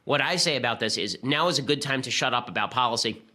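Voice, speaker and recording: A man hosting a political talk show, delivering rapid-fire argumentative commentary. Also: mid-range voice, animated, sharp tone. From United States. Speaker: podcast host.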